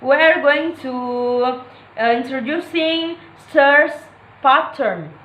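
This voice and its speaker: A woman, a non-native English speaker whose first language is Malay, gives a classroom presentation on word stress, filling pauses with "okay" and "uh" and repeating each example word. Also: sits high, highs cut off, a little hiss or hum. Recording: echoey room.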